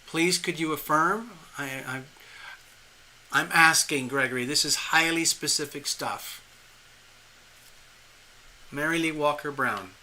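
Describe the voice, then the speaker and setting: A man reading tarot live for a viewer, talking in a rambling, animated way with frequent restarts and chuckles. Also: on the high side, takes it slowly, long pauses. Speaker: tarot reader hosting a live stream.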